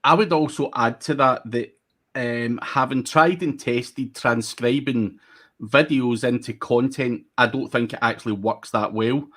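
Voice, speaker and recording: Guy on a live panel, mid pitch, blunt and chatty, lots of "you know". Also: fairly bright tone. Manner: blunt, talks from own experience, quick asides. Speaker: guest speaker. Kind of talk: casual livestream panel advice.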